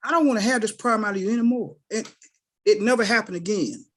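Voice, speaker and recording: Quick and high-sitting, this middle-aged man's voice carries his casual testimony on a group call. As a participant, he tells personal stories with animation, performing the quoted voices of the people involved.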